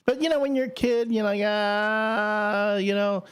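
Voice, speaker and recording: A man's voice: very high-pitched, quick pace, clean tone. A man hosting a radio show, telling stories in casual banter and acting out the voices. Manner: animated storyteller, acts out voices. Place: radio studio.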